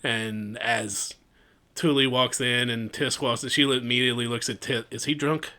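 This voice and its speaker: A man's voice: mid-range voice, steady tone, normal speed, bright, forceful tone. A man running a tabletop game as game master, narrating in a loose, chatty way with many fillers, over an online call. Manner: loose, chatty, laughs often, trails off into fillers.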